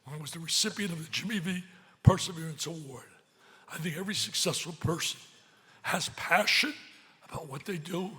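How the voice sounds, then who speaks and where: An older man giving an emotional gala speech, swinging from loud excitement to hushed pleading, at a podium microphone in a large banquet hall. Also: on the high side, brisk. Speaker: speaker at a charity gala.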